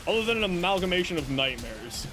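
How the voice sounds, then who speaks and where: Lively, chatty male streamer. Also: high voice, fast, background noise. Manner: chatty, joking, talks to chat and his cat. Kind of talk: casual livestream chat while gaming.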